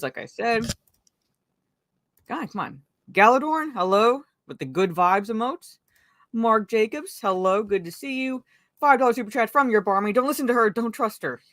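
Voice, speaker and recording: A woman hosts a casual livestream, chatting about a movie, greeting viewers and reading their chat messages aloud with frequent fillers. Her voice is fairly low and a bit bright, captured in echo-free studio quality.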